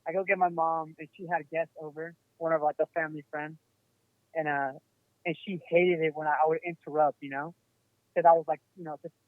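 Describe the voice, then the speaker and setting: A man's voice: a little high, little pitch movement, fairly quick, dry recording. Man on a tinny phone-like line. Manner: rambling, lots of "like" and swearing. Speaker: podcast guest. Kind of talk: casual storytelling.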